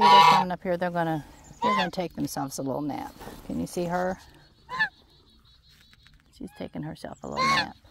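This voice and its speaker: A woman with a gravelly, husky-edged voice talks slowly to her geese in a farm garden, her pitch swinging widely as she coaxes and gently scolds them. It is captured on a handheld phone outdoors. Loud background noise and honking geese run underneath. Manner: coaxing, gently scolding, drawn-out. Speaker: farm vlogger. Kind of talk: casual talk to animals while filming.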